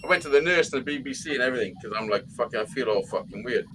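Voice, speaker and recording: A man's voice: mid-range voice, lively intonation, very fast, noisy background. A man telling long, rambling anecdotes in casual chat, swearing constantly. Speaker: live show chat participant. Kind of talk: casual profane storytelling.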